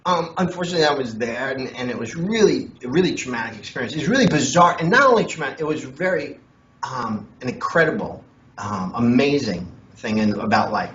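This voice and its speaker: A man's voice: mid-range voice, fairly quick. Joking comedian man, echoey and distant. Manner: jokey, animated, laughs often. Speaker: comedian guest. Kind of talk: comedic storytelling in an interview. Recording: echoey, distant, dull lo-fi with faint noise.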